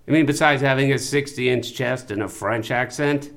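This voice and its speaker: A man's voice: medium pitch, moderate pace, vocal fry, a bit bright. An actor playing a vain, self-absorbed male marketing executive in an audio drama, pushy and prone to stammering. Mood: boastful. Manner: pushy and self-assured, stammers when flustered. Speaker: client faking his death.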